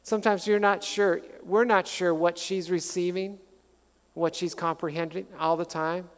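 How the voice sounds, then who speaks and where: Animated pastor preaching in a reverberant hall. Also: male voice, high-pitched, moderate pace, smooth. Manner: conversational, animated storytelling with humor. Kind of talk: sermon.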